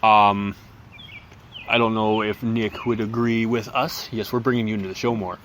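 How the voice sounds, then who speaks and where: A man co-hosting a casual podcast, talking in a chatty, halting way with many fillers and restarts. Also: fairly low pitch, little pitch movement, a bit bright, slight background noise. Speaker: podcast co-host. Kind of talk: casual chat.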